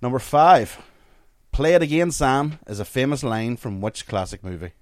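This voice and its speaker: A man's voice: mid-range voice, animated, normal speed, a little mellow, no echo, studio quality. A man hosting a casual podcast quiz, reading questions out amid swearing banter and laughter.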